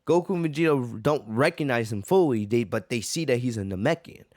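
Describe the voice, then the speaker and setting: A man's voice: medium pitch, expressive, quick pace, a little mellow, no room sound, studio quality. A man hosting a manga reaction, talking eagerly and often checking in with "right?". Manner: eager, keeps asking "right?". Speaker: host.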